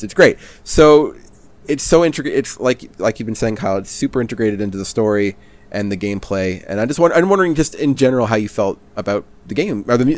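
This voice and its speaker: A man's voice: lowish voice, darkish tone. A man hosting a casual podcast chat, who talks with enthusiasm, rambles and restarts his sentences. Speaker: podcast host.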